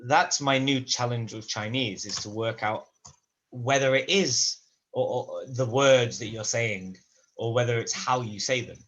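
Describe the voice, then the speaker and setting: A man's voice: mid-range voice, unhurried, a bit bright. Man thinking aloud with many restarts. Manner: thoughtful and rambling, with many restarts. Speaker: language student in a conversation class. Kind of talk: casual spoken-practice conversation.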